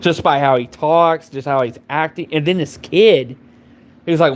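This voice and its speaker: A man's voice: a little high, normal speed. A man in his twenties ranting casually on a live stream, rambling and profane with constant fillers. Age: 20s. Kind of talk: casual rant.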